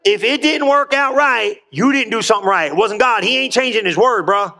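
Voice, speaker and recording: A pastor preaches in church with a high-pitched, fairly quick, sharp voice. Rousing and folksy, he uses colloquial phrasing and calls out to his congregation for a response.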